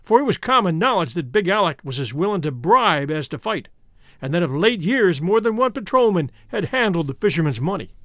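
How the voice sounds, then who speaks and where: A man narrating a classic adventure story in an expressive, animated way. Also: sits high, a little fast, no room sound, clean studio sound. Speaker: audiobook narrator.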